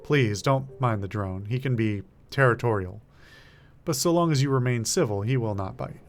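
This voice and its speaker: A man's voice: mid-range voice, brisk, lightly acted. A man voicing a cultured, menacing male tinkerer in a video game reading, with a pleasant, polished way of speaking. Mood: polite.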